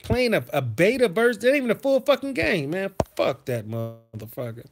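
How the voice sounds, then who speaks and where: A man chatting on a livestream, telling childhood stories and answering his chat. His voice sits a bit high and swings widely, and he bursts into loud, cursing rants. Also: brisk. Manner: profane, animated, swings into loud outbursts. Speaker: livestream host reading chat. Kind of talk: casual storytelling to a live chat.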